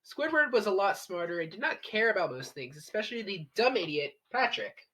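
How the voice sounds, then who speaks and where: A woman's voice: medium pitch, expressive, a little fast, bright, forceful tone, slight background noise, poor audio. A woman casually reading a story aloud with friends in a plain, dry way.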